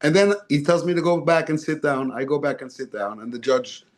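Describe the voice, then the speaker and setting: A man's voice: a little high, brisk. A man, a guest speaker, telling a personal story and acting out the voices of the people in it. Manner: animated storyteller, acts out quoted voices. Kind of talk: storytelling talk.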